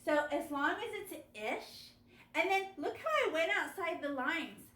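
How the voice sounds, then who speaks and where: A woman teaching children a step-by-step painting lesson over a video call, animated and coaxing. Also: very high-pitched, measured pace, echoey room. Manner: animated, gasping with delight, coaxing young kids. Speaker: art teacher.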